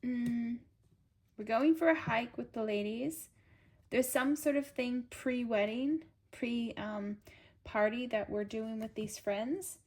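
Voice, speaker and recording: A woman's voice: on the high side, slow pace, a little mellow. A woman giving a casual tarot reading. She reads card meanings aloud and then riffs on them, chatting straight to the viewer in an upbeat, coaxing way. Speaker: tarot reader.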